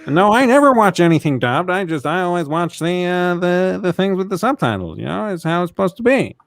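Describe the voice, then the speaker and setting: A man's voice: high voice, very animated, brisk, no room sound, voice pushed up. A man doing a teasing impression of a male co-host, hesitant and mocking. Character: man mocking a co-host's fussy talk.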